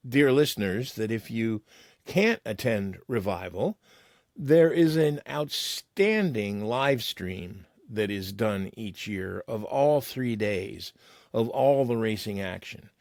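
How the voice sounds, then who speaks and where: A man's voice: lowish voice, animated, slow pace, a little mellow, no echo, studio quality. A man hosting a podcast in casual chat, talking straight to the listeners. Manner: chatty, addresses listeners. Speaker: podcast host.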